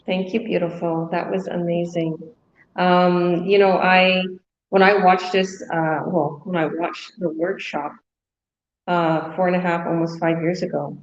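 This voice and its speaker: Woman coach hosting a live webinar, gushing and chatty, low-ish voice, dull lo-fi sound. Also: level tone, measured pace. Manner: chatty, effusive, many fillers.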